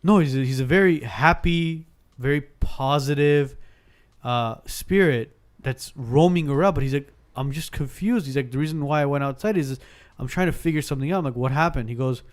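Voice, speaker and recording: Animated storytelling man. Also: fairly high pitch, moderate pace. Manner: animated, acts out dialogue, frequent restarts. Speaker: podcast guest telling a story. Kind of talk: casual storytelling.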